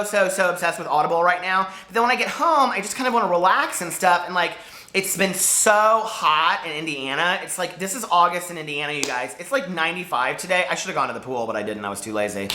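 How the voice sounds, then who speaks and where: A man's voice: fairly high pitch, brisk, sharp tone, roomy sound, slight background noise. A man chatting casually to camera as a book vlogger, rambling and jumping between topics.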